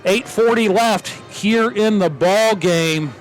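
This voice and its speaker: Man, high voice, live football play-by-play, quick jokey self-corrections, outdoor booth. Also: soft background music. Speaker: play-by-play announcer.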